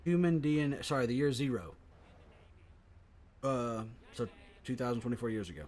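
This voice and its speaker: A man co-hosting a casual comedy podcast, riffing in loud, profane rants. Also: mid-range voice, expressive, normal speed. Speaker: podcast co-host.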